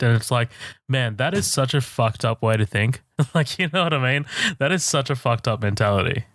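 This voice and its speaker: A man's voice: medium pitch, expressive, brisk, a bit bright. A man co-hosting a film podcast, talking loosely and swearing. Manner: loose, profane, conversational. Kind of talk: casual film-review chat.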